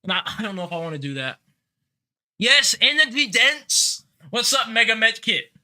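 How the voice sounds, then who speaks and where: A man's voice: sits high, sing-song, moderate pace, sharp tone. A man hosting a live online Q&A in a brash, joking way, swearing casually as he talks. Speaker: host of a live Q&A.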